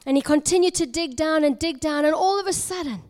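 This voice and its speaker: A woman from South Africa preaching a sermon as an expressive story, dropping to a hush at key moments. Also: high-pitched, brisk. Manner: expressive, dramatic storytelling with hushed whispered moments.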